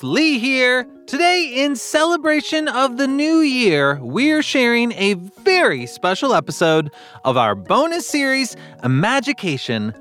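A man's voice: high-pitched, a bit bright. A man hosting a podcast, reading upbeat, scripted announcements. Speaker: podcast host.

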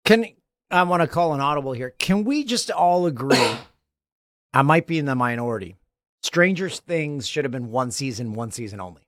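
A man in his forties hosting a podcast in casual chat, animated and jokey, laughing often. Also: medium pitch, normal speed, no room sound, clean studio sound. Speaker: podcast host.

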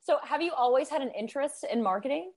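Lively playful woman hosting a podcast. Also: sits high, fast talker. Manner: laughs easily, playful questions. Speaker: podcast host. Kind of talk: casual podcast chat.

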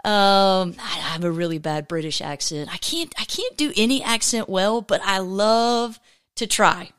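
A woman's voice: mid-range voice, measured pace, a bit bright, clear, resonant tone. A woman hosting a casual faith podcast, upbeat and chatty, rambling with many restarts. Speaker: podcast host.

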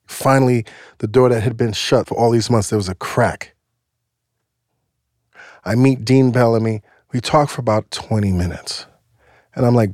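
A man from the United States tells an animated personal story, peppering it with "like". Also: mid-range voice, moderate pace, no echo. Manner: animated, heavy use of 'like'. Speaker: storyteller guest. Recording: music playing underneath.

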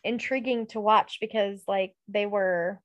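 A young adult woman co-hosts a casual podcast, chatty and packed with "like" and "um." Her mid-range voice keeps a fairly even intonation at a measured pace, recorded without echo but with the highs cut off.

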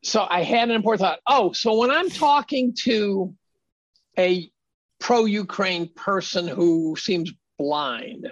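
A man's voice: sits high, slow, no echo, dull audio. A man speaking as a podcast guest in casual conversation, emphatic and argumentative.

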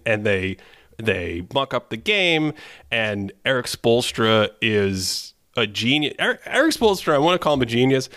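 A man's voice: medium pitch, fairly bright tone, dry recording, clean studio sound. A man hosting a casual basketball podcast, who reads out stats and laughs between his points. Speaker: podcast host.

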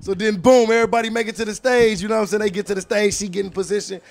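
High-voiced man telling a profane story. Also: steady tone, very fast, gravelly. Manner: keeps asking "you know what I'm saying"; profane, slangy street talk. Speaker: podcast guest telling a story; battle rapper. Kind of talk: animated casual storytelling.

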